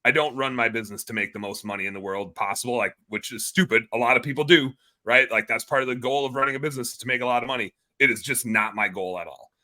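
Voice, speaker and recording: A man in his thirties, a guest entrepreneur on a podcast, talking in an energetic, excitable way and swearing casually. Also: mid-range voice, fast, hardly any pauses.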